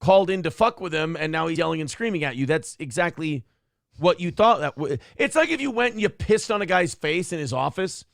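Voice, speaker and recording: A man's voice: on the high side, lively intonation, a little fast, gravelly, no room sound, clean studio sound. A man hosting a talk show, giving blunt, profane commentary on a clip in a casual, ranting way. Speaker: show host.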